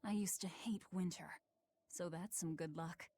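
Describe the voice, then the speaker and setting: Grim vengeful heroine, husky, lowish voice. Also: female voice, fairly even intonation, a little slow, dark tone. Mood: cold.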